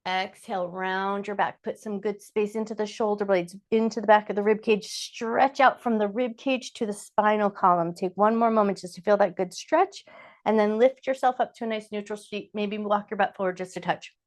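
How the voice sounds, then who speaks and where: Calm woman guiding chair yoga. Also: medium pitch. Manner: calm, slow cueing of breath and movement. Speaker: yoga instructor. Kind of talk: guided chair yoga instruction.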